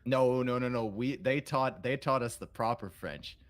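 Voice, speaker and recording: A man's voice: mid-range voice, moderate pace. Rambling self-mocking male caster. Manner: rambling, self-deprecating, restarts. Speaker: esports caster. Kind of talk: casual stream chat.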